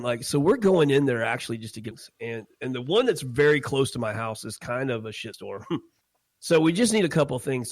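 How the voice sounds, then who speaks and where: A man co-hosting a podcast, telling a crude story in a casual, animated way and laughing often. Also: mid-range voice, no echo. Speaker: podcast co-host.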